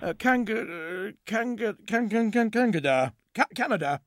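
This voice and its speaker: Vague barber, sheepish and stumbling, full of ums; narrator voices him in a storybook. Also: male voice, sits high, animated, moderate pace, fairly bright tone, no room sound, clean studio sound, voice pushed up. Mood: hesitant. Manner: hesitant, stumbling, lots of ums.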